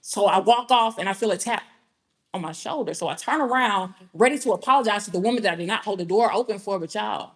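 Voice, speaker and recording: A woman's voice: medium pitch, fast. A young woman from Georgia with a Southern accent, performing a comic spoken-word piece in a conversational storytelling manner, chatting to the audience between lines. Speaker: performance poet.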